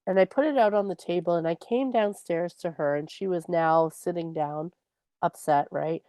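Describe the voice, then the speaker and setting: A woman's voice: lowish voice, normal speed, dark tone, clean tone, dry recording. A woman co-hosting a podcast, telling a personal parenting story in an earnest way. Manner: earnest storytelling, acts out her own quoted words. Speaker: podcast co-host. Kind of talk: casual chat.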